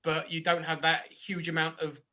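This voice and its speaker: A man's voice: fairly high pitch, completely flat delivery, normal speed, sharp tone. A man brewer talking casually on a podcast, easygoing with many hesitations. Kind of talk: casual chat.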